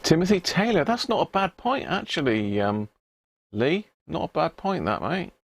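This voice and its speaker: Guy on a live stream, gravelly voice, chatting to viewers, trips over odd words. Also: fairly high pitch, very animated, moderate pace, no room sound. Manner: chatty, answers viewer comments by name; stumbles over unfamiliar words. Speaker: livestream host. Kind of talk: casual live chat.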